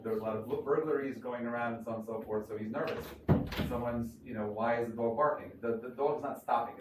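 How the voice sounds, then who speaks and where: A man speaking as a rabbi at a crowded event, telling anecdotes with many fillers and restarts. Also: mid-range voice. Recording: echoey room, far from mic, noisy.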